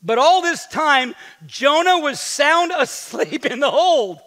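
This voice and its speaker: A man preaching a sermon as pastor, lively and joking with playful asides to the congregation. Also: extremely high pitch, slow. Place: church sanctuary. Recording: long hall reverb in a church.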